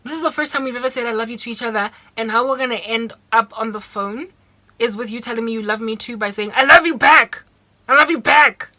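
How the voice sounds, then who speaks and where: Fast and steady in tone, a slightly high, bit-bright voice with no echo belongs to a South African vlogger. With her South African accent, she recounts a personal story emotionally, repeating herself as she quotes those involved.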